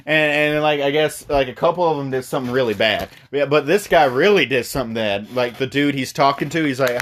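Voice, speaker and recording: A man's voice: medium pitch, fairly quick, hardly any pauses, a bit bright, slight background noise. A young man recapping a movie in a rambling, profane, stumbling comic style. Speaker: video host recapping a movie.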